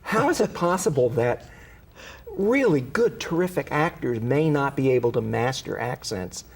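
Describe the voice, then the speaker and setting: A man's voice: medium pitch, lively intonation, normal speed, gravelly, husky. A man who reviews plays, talking in a rambling, hesitant way with many restarts. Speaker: theater reviewer. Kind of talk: panel discussion.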